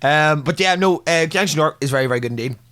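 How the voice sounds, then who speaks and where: A man's voice: on the high side, quick pace, fairly bright tone. A man, co-hosting a podcast in casual chat. He laughs often and leans on fillers. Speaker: podcast co-host.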